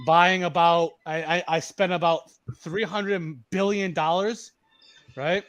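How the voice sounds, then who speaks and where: A high-pitched man in his thirties, originally from Massachusetts, chatting over a headset mic. He tells loose, rambling stories, swears freely, and circles back to repeat himself. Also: steady tone, slow, fairly bright tone, faint music behind. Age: 30s. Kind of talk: casual voice chat storytelling.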